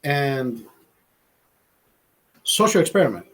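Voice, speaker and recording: A man's voice: medium pitch, very animated, slow pace, fairly bright tone, breathy edge. A man hosting a casual livestream, rambling and swearing, laughing often as he talks to viewers. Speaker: livestream host.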